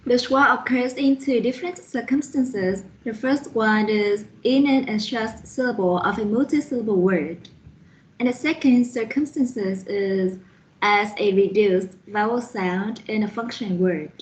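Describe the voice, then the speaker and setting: A woman presenting a lesson on pronunciation, reading out spellings and examples slowly and carefully, one letter at a time. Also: mid-range voice, low-quality recording. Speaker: student presenter reviewing a phonetics lesson. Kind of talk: slide-by-slide explanatory lesson.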